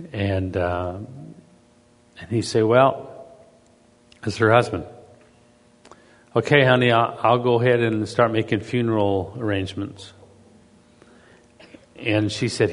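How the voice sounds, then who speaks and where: A man's voice: medium pitch, long reverb tail. A man giving a sermon in a conversational storytelling manner, often repeating and restarting his words. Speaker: pastor.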